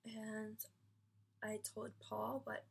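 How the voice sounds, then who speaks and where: A woman's voice: fairly high pitch, completely flat delivery, drawn-out words, creaky, a little hiss or hum. A woman vlogger telling a personal story in an emphatic, rambling way, full of fillers and casual swearing.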